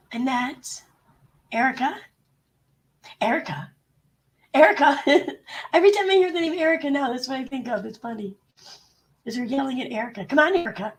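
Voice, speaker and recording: A woman live streamer, sick with a bad cold and clearing her throat, chatting bluntly and swearing freely as she greets her viewers. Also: high voice. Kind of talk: casual livestream chat.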